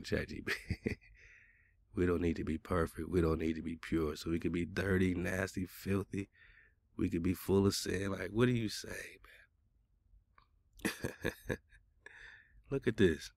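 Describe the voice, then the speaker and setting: A man's voice: low-pitched, fairly even intonation, a little slow, creaky, pauses often. A man hosting a casual radio talk show, arguing back in loose, colloquial speech. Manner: argumentative, colloquial, talks back at a chatbot.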